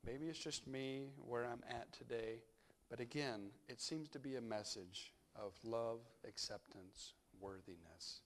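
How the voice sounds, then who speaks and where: A male pastor giving a conversational sermon, reflective and unhurried, thinking aloud as he goes. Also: mid-range voice.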